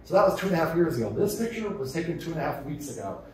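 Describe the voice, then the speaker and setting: A man giving a conference keynote, energetic and conversational, firing off rhetorical questions to the audience. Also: on the high side, very fast, slight background noise. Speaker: keynote speaker. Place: large conference hall. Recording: echoey hall, distant mic.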